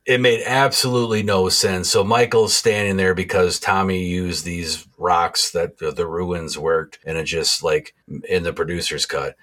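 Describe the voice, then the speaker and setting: A man's voice: low voice, fairly even intonation, measured pace, a bit bright. A man co-hosting a podcast, recapping a horror film in rambling, profane casual chat. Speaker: podcast co-host.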